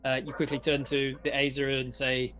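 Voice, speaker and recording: Australian dungeon master, laughing narration. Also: male voice, mid-range voice, completely flat delivery, normal speed, a bit bright. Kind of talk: running a live tabletop game.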